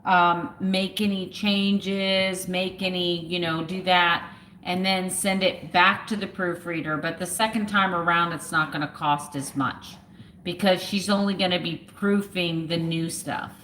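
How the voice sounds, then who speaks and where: A woman in her fifties talks to her livestream viewers at an unhurried, slow pace, in a fairly low voice. She is emotional and close to tears, and her sentences stall on fillers and trail off. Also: steady tone, fairly bright tone, a little hiss or hum. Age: 50s. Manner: halting, with many fillers and trailing thoughts. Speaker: vlogger. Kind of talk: casual livestream chat.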